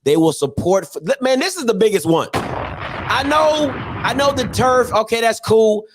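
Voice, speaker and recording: Guy hosting a call-in show, kinda high voice, animated and slangy, preaching then joking around. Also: unhurried, background noise. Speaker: host of a call-in online show. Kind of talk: energetic call-in show monologue.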